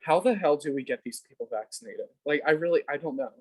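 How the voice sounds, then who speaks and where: A man's voice: fairly high pitch, lively intonation, fast, a little mellow. A man hosting a casual podcast interview, asking blunt questions with a joking manner. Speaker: podcast host.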